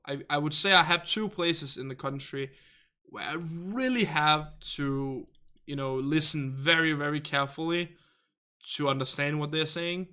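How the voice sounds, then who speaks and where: Bright Danish-accented man chatting on stream. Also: on the high side, a little slow, clean tone. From Denmark. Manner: chatty, rambling, restarts and asks how to say words. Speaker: livestream host. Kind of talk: casual chat reading viewer comments.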